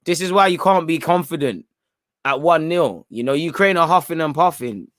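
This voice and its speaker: A man's voice: fairly high pitch, lively intonation, moderate pace, a bit bright, no echo, clean studio sound. Chatty opinionated man commenting on a match. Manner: opinionated, chatty, often ends phrases with "man"; reads chat messages aloud and reacts. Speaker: football watchalong host. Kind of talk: live casual match commentary.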